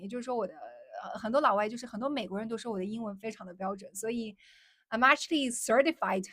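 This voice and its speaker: A woman's voice: medium pitch, dry recording, clean studio sound. A young woman from China with Mandarin as her first language, hosting a casual livestream and answering viewers. She keeps repeating her phrases and switches between English and Mandarin. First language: Mandarin Chinese. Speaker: livestream host.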